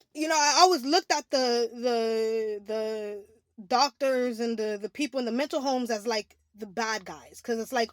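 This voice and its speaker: Young woman with a high voice pouring her heart out, rambly, says like constantly, dry close sound. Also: no room sound. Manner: rambling, heavy use of "like", restarts; emotional and candid. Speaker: spiritual vlogger. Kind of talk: confessional monologue.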